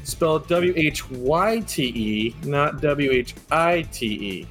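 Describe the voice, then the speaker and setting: A male podcast co-host chatting casually about upcoming episodes, relaxed and quick to laugh. His voice sits a little higher than most men's, with faint music playing underneath. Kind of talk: casual chat.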